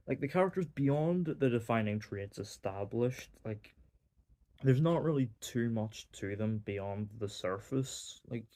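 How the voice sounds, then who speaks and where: A man's voice: on the low side, warm tone. A young man with a Northern Irish accent giving a casual, rambling movie review, full of fillers and wry asides. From Northern Ireland. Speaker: film reviewer.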